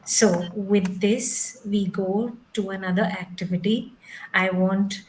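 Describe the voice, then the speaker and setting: A woman leads an online training session over a video call. She speaks slowly and patiently, explaining each step. English is not her first language, and her pitch sits in the middle range. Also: steady tone, slight background noise, rough recording. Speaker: trainer teaching English pronunciation.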